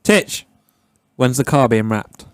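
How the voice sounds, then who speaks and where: A man's voice: medium pitch, animated, slow, clear, resonant tone. Teasing male podcast co-host. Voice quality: dry, teasing one-liners. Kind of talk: casual chat.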